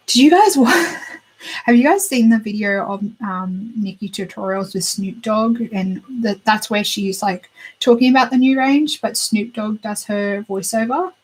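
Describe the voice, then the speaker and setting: A woman's voice: medium pitch, a little mellow, husky, low-quality recording. A young woman hosting a beauty channel, chatting casually and gushing over new makeup as she browses and thinks aloud. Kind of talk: casual chat.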